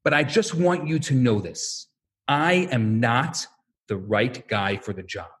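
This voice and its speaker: A man's voice: mid-range voice, unhurried, a bit bright, voice pushed down, close to an everyday voice. A man voicing a humble, earnest prophet. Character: humble reluctant male prophet, plain-spoken.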